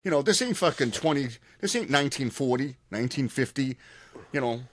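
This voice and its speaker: Boston man in his fifties, podcast co-host, cursing storyteller, middle pitch. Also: fairly quick. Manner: profane, animated storyteller, frequent restarts. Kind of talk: casual chat, storytelling.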